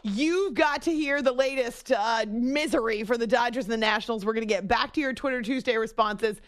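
A woman's voice: on the high side, a little fast, slight background noise. A woman hosting a late-night sports radio show from a studio, chatty and self-mocking, with giggly asides. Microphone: studio microphone.

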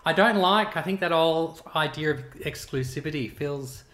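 A middle-aged Australian man, a chef talking casually about his cookbook in a relaxed, rambling way with frequent chuckles. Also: a little high, normal speed. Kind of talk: casual interview chat.

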